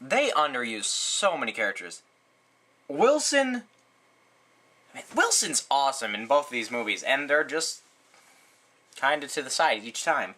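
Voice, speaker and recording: Unhurried and pausing at length, a man reviews a movie casually, rambling with plenty of "like" and "um" and a sarcastic edge. He stays animated, his pitch leaping frequently.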